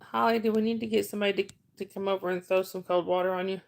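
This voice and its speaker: A woman's voice: mid-range voice, fairly even intonation, racing, vocal fry. A middle-aged woman hosting a casual livestream, telling rambling stories and reading chat names aloud.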